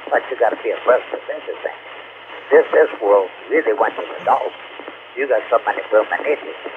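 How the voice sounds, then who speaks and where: A man chatting on an amateur radio channel, ranting bluntly and repeating himself. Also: mid-range voice. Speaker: ham radio operator. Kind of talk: on-air radio chat. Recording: noisy tinny radio receiver audio.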